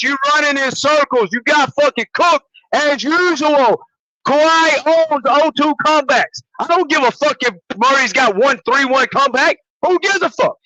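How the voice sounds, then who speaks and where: A man's voice: very high voice, pushed and bright, no echo, low-quality recording. A man co-hosting a basketball podcast, ranting angrily with constant profanity. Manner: angry, profane, fast ranting. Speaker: podcast co-host. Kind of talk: heated podcast rant.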